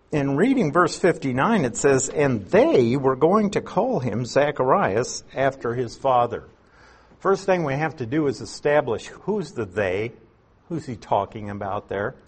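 A man's voice: medium pitch, slightly rough. A man teaching verse by verse through a Bible passage, explaining word meanings and asking rhetorical questions.

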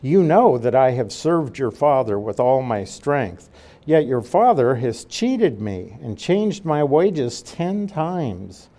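A man's voice: medium pitch, sing-song, slow, dark tone. An older man reading scripture aloud, then explaining it verse by verse in a folksy, conversational way. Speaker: Bible teacher. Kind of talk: verse-by-verse Bible teaching.

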